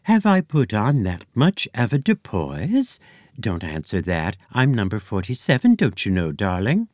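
A man's voice: lowish voice, huge pitch swings, a little slow, a little mellow, dry recording, studio quality. A man voicing a grand female elephant who talks in a fluty, drawling society lady's voice. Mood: cooing. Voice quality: fluty, cooing.

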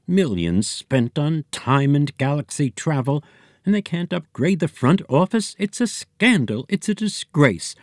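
A man's voice: on the low side, big pitch swings, measured pace, a little mellow, no room sound, studio quality. A man voicing a sassy female elephant receptionist who grumbles and complains. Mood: indignant. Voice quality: huffy, complaining.

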